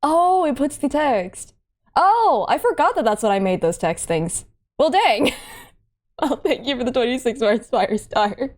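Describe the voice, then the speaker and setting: A woman's voice: high voice, very animated. A woman hosting a casual game stream, giggly and playful. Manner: giggly, playful, quick to laugh. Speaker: streamer and host.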